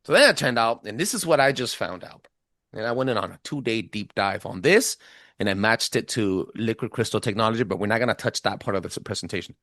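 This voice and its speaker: Male podcast host with a thick accent, emphatic and lively, pitch on the high side, dry close sound. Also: a little fast, no echo. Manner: animated and emphatic, with stumbles and restarts; says he has a thick accent. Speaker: podcast host giving a presentation. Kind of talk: casual podcast presentation.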